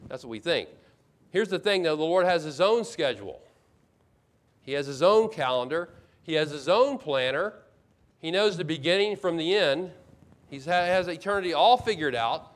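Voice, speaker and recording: A man's voice: fairly high pitch, expressive, normal speed. A man preaching a sermon as pastor, explaining scripture with emphatic repetition and acting out complaints in first person.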